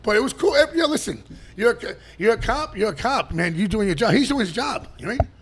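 A man, a podcast guest telling stories in casual chat, animated and profane and laughing often. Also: high voice, fast, breathy edge.

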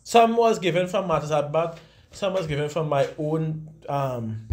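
A man giving a casual scripture lesson, talking conversationally and slowing down to read definitions aloud. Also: fairly high pitch. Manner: frequent fillers and restarts. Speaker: religious teacher.

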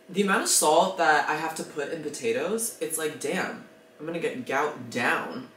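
A man's voice: fairly high pitch, moderate pace, a bit bright, roomy sound, a little hiss or hum. A young man vlogging casually, dramatic and self-deprecating, gushing about things. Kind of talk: casual vlog chatter.

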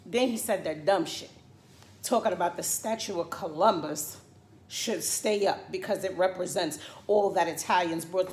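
A middle-aged woman chatting casually to camera from her home, sassy and animated, sliding from murmured asides into loud rants. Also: lowish voice, normal speed. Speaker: vlogger. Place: at home indoors. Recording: echoey room with faint ambience.

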